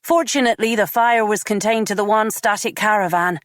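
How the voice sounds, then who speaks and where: A woman narrator voicing a brisk female police officer who reports the facts. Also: medium pitch, fairly even intonation, no room sound, studio quality, voice pushed up, natural voice. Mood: urgent.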